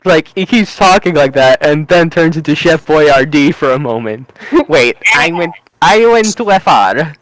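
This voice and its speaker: A man's voice: fairly high pitch, expressive, unhurried, a bit bright, no room sound, rough recording. A man playing a tabletop role-playing game, switching between his own voice and his character in a playful, laughing, theatrical way. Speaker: tabletop player. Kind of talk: casual in-character tabletop play.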